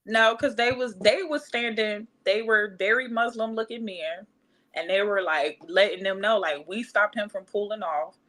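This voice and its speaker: Bright-voiced woman telling a story. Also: medium pitch, normal speed, poor audio. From Cleveland, Ohio. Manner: animated, acts out quotes, laughs often. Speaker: podcast guest. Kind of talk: casual storytelling.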